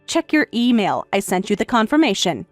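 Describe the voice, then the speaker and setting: A woman voicing a calm, sarcastic wife in a text-message story, speaking in a matter-of-fact way. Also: mid-range voice, fairly quick, dry recording, soft background music, close to an everyday voice. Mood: cool, sarcastic. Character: calm, sarcastic wife who has left her husband.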